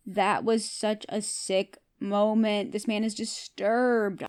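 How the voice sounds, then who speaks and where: In a mid-range, clean, slightly mellow voice, a woman hosts a podcast and goes through a TV episode scene by scene. Her delivery is flat and slow with few pauses, yet she's casual and chatty, freely gives opinions, and often turns to listeners with questions.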